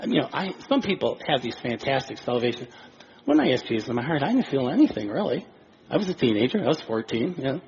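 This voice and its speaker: A man preaching a sermon in an animated way, acting out quoted voices with chuckles. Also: medium pitch, quick pace, dull audio. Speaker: pastor.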